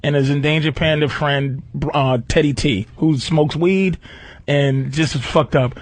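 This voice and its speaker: Comedian guy on a radio show, cursing a lot and laughing, high voice, really dry mic. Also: unhurried, no echo. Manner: excitable, profane, laughing storyteller. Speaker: comedian guest. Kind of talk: casual radio talk.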